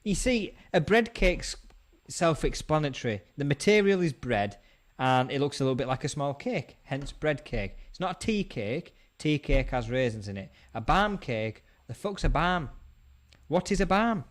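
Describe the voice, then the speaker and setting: A man's voice: mid-range voice, expressive, moderate pace. A man with a West Yorkshire accent, hosting a casual online pub chat, bantering and laughing often. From England. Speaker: host.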